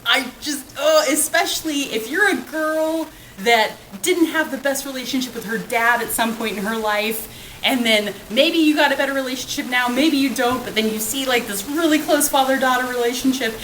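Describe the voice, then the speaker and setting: A woman co-hosting a podcast in casual chat, dramatic and animated, often breaking into laughter. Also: sits high, normal speed, a little hiss or hum. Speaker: podcast co-host. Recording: roomy echo.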